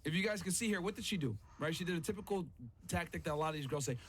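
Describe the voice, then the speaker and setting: A podcast host reacting to a clip, his voice sitting unusually high for a man. He talks in a heated, profane rant. He keeps hammering the same catchphrases for emphasis. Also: rapid-fire, a bit bright, slight background noise. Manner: emphatic, repeats phrases. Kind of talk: reaction commentary.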